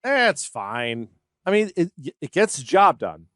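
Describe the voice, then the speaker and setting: A man's voice: high voice, sing-song, slow, a bit bright, dry recording. A man co-hosting a comedy podcast, joking around and teasing the others with dry quips. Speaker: podcast co-host. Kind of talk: casual joking banter.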